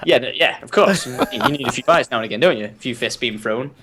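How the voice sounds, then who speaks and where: A young man, a podcast guest, telling stories in lively casual chat and laughing often. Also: mid-range voice, quick pace, noisy background. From United Kingdom. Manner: animated storyteller who laughs often.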